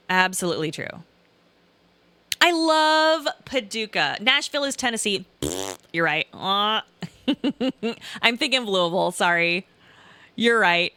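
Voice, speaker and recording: A woman's voice: medium pitch, pushed and bright, no room sound. A young woman from Southern Illinois with a light accent of her region, chatting casually and rambling as she reads chat and laughs often. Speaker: streamer reading chat. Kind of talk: casual live-stream chat.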